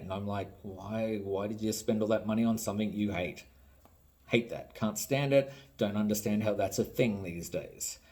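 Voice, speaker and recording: A man's voice: fairly low pitch, darkish tone. A tired Australian man who makes toys, ranting in a blunt, sarcastic and profane casual vlog. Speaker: toy maker and vlogger. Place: home.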